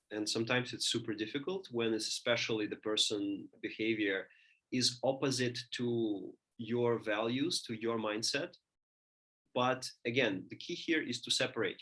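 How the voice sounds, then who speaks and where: Man, lecturer, halting delivery, frequent restarts, middle-pitched voice. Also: fairly bright tone. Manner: thinking aloud, many restarts and fillers. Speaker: teacher.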